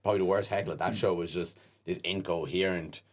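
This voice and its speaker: A man hosting a podcast, telling stand-up stories in a casual, animated way and acting out the people in them. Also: low-pitched, quick pace. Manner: animated storyteller who acts out the people in his stories. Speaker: podcast host and stand-up comedian. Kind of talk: casual chat.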